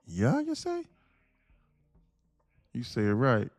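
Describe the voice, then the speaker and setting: Gravelly man chatting on a live stream. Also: fairly low pitch, normal speed, darkish tone, no echo. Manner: laid-back, chuckling, reads chat aloud. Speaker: day trading streamer. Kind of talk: casual live-stream chat.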